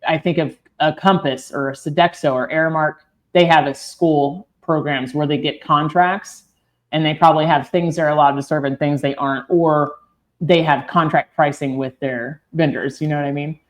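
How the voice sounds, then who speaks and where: A woman co-hosting a podcast in casual chat, talkative and quick to laugh, thinking aloud with plenty of fillers. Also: sits low, steady tone. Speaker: podcast co-host.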